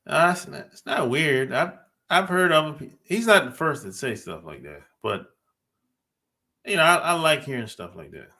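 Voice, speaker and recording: A man's voice: fairly high pitch, sing-song, normal speed, bright, forceful tone. A man hosting a casual podcast, laid-back and teasing, breaking into laughter often. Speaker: podcast host.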